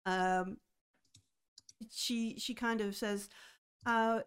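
Woman gm narrating a tabletop game, kinda high voice, lots of ums. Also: measured pace, clear, resonant tone. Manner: hesitant, many ums, acts out characters briefly. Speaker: game master.

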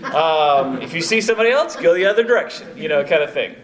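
A man's voice: a little high, fast. A man leading a church evangelism training session, telling stories with many asides to a live group. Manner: storytelling, animated, many asides like "you know, kind of thing". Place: church meeting room with a live audience.

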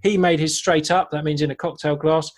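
Here a man co-hosts a laid-back online talk show about cocktails, joking around as he walks through a drink's backstory. His voice sits on the high side, with a steady tone and a slightly quick pace.

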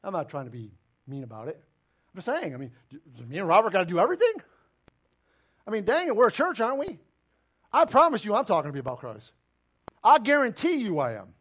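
A man's voice: high-pitched, wildly swooping pitch, quick pace, pauses often, a bit bright. A man preaching a sermon as pastor, emphatic and full of direct questions to the congregation. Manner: emphatic, preaching with rising and falling intensity.

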